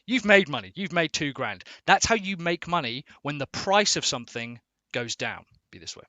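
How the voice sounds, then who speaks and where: A man explains a topic off the cuff, informal and a little sweary, checking in with his listeners as he goes. His voice is bright and forward, recorded close and dry with no room sound. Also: fairly high pitch, very animated, moderate pace, dry recording. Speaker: explainer video host. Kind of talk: casual explainer.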